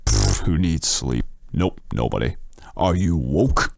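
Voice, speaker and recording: A man speaking through a deep voice changer, very low and gravelly with a dry, close sound. He chats casually on a livestream, reading comments aloud and cracking crude jokes. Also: very animated, slow, no room sound. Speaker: streamer.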